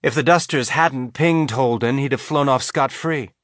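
A man's voice: medium pitch, moderate pace, a bit bright, dry recording, clean studio sound, pitched above the performer's own voice, lightly acted. A man voicing a suspicious woman crew member in an audiobook.

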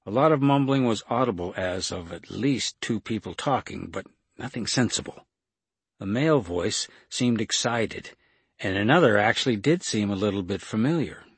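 Gravelly, husky male audiobook narrator. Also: fairly low pitch, animated, normal speed, dry recording. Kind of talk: scripted narration.

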